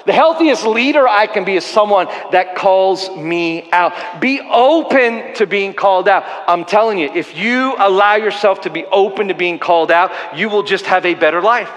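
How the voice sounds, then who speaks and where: A man's voice: high-pitched, normal speed, few pauses, a bit bright, big-room sound. A man preaching a sermon as a pastor, earnestly telling stories with self-deprecating humor. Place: church auditorium.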